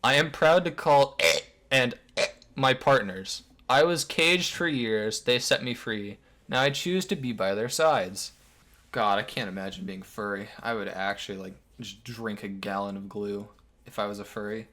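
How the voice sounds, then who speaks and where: A man's voice: fairly low pitch, a little slow, fairly bright tone. A man narrating an online commentary video in a sarcastic, crude way with lots of swearing.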